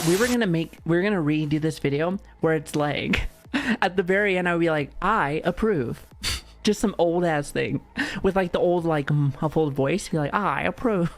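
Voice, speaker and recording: A woman streamer chatting casually while reacting to videos, excitable, laughing often and swearing freely. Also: sits low.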